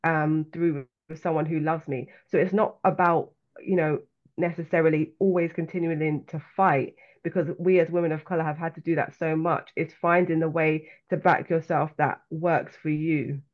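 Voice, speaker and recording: A woman with a London accent, an author and coach speaking as a guest in a podcast interview, talking in a reflective, earnest and measured way. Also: sits low, steady tone. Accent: London English. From London, England. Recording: slightly dull lo-fi sound.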